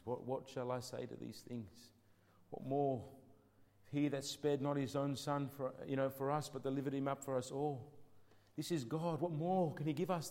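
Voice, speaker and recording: Impassioned preacher in a reverberant hall. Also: male voice, mid-range voice. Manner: impassioned, swinging from loud declaiming to hushed pleading; reads scripture in old-fashioned wording. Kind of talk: sermon.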